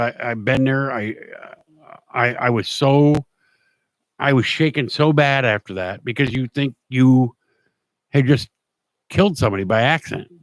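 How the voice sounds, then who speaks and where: A man's voice: mid-range voice, no room sound. Plain-spoken man telling a story. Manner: rambling, restarts often, plain-spoken. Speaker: show host. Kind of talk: casual storytelling monologue.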